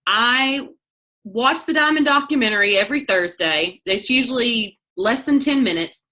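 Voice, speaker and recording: A woman leading a team training call, talking fast in a chatty way and often breaking off mid-sentence. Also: a little high, lively intonation, bright, forceful tone. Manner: fast, chatty, self-interrupting. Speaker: network marketing team leader.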